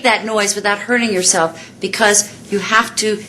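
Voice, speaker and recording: A woman's voice: mid-range voice, fairly even intonation, moderate pace, hardly any pauses, bright, forceful tone, a little hiss or hum. A woman vocal coach giving instructions, demonstrative and full of vivid images. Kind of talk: instructional explanation.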